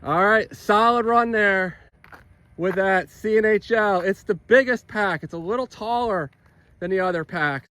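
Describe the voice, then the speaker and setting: A man's voice: high voice, unhurried, pushed and bright, no echo, rough recording. A man hosting a hobby vlog, testing batteries outdoors and thinking aloud as he reads numbers, openly enthusiastic about the results. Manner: enthusiastic, thinking aloud while reading data. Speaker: RC hobby channel host. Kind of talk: casual hands-on testing vlog. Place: outdoors by a road with traffic.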